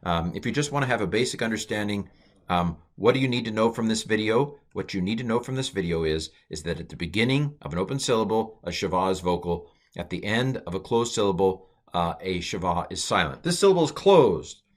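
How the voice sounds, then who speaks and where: A middle-aged man giving a casual, chatty lecture over slides as a Hebrew teacher, full of fillers and side remarks, with his voice jumping up for emphasis. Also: brisk. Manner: chatty and digressive, many uh and um fillers, stress jumps to high notes.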